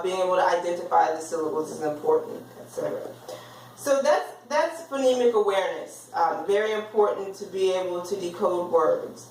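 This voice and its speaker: A woman teacher explaining reading skills in a class lecture, sounding out words slowly. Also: fairly low pitch, a little mellow, slight background noise. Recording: roomy, from far off the mic.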